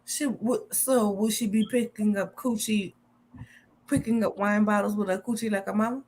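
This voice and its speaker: A woman's voice: medium pitch, fairly even intonation, normal speed, darkish tone, low-quality recording. A woman hosting a casual interview, playful and teasing in her asides. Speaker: interview host.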